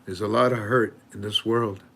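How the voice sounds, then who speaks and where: Halting older man telling a story. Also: fairly low pitch, steady tone, gravelly, a bit bright. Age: 70s. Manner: halting, repeats words while searching for them. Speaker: channel host. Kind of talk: heartfelt storytelling with a religious close.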